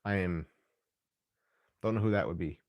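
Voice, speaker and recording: A young man hosting a live stream, chatting casually while he builds, often restarting sentences and clearing his throat. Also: deep voice, moderate pace, muffled recording.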